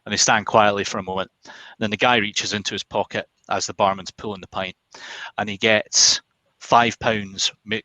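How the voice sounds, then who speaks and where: A man's voice: deep voice, pushed and bright, dry recording, low-quality recording. Chatty British man hosting a webinar. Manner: chatty, rambling, many ums and restarts. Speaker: webinar host. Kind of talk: casual webinar wrap-up with a told joke.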